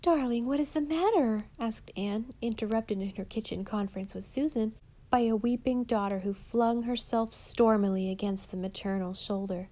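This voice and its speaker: A woman reads a classic story aloud with expressive, measured narration. Her voice sits at a middle pitch, steady and clear. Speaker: audiobook narrator.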